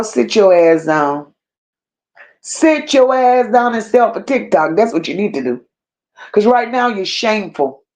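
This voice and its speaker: Slow, scornful woman host ranting. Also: mid-range voice, a little mellow. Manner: slow, emphatic and scornful, with drawn-out insults; reads viewer comments aloud. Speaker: commentary channel host. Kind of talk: unscripted livestream rant.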